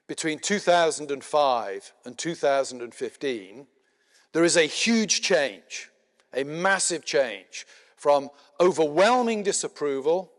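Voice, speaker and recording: A middle-aged man lecturing to a conference audience, his voice sitting a little high for a man. He explains in a measured way, with plenty of "uh"s and the odd dry aside. The room has a long, lingering reverb. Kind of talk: spoken lecture.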